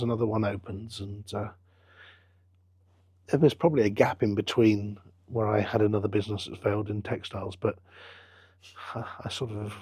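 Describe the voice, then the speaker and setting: Man, middle-aged, husky, fairly low voice, chatty storyteller. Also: darkish tone, no room sound. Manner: chatty anecdotal storyteller, acts out quoted dialogue. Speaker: business founder and football club owner, guest. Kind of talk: storytelling interview answers.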